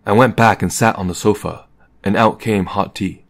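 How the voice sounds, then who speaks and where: A man reading a novel aloud as an audiobook in a calm, measured narration. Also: lowish voice. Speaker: audiobook reader.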